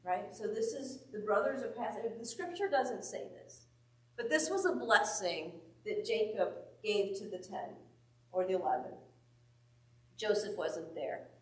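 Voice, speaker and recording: A woman's voice: mid-range voice, a little slow. A woman leading a Bible study. She reads scripture aloud and puts questions to the group with emphasis. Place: church meeting room. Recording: echoey room, mic at a distance.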